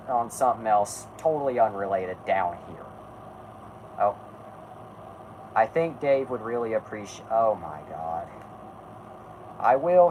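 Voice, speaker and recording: A man's voice: fairly low pitch, a little mellow, slight background noise, low-quality recording. A man hosting a casual live stream who halts, rambles and restarts his sentences while he talks to his chat and co-hosts. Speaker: podcast host.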